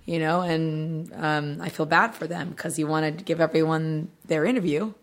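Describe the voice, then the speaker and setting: A woman with a very low voice, talking as a guest in a relaxed interview. She sounds tired and slightly hoarse, but speaks in an earnest, reflective way. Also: moderate pace. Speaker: actress guest. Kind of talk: casual interview chat.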